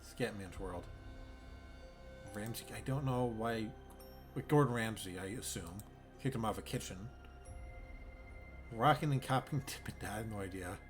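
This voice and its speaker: A man's voice: lowish voice, moderate pace, long pauses, faint music behind. A man streaming a zoo-building game, musing aloud in a bemused, rambling way and swearing freely. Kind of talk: casual gameplay commentary.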